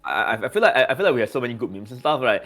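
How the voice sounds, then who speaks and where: A man's voice: medium pitch, sing-song, racing, fairly bright tone, faint music behind. A man in casual voice-chat talk, stammering and repeating words, full of fillers. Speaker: community member.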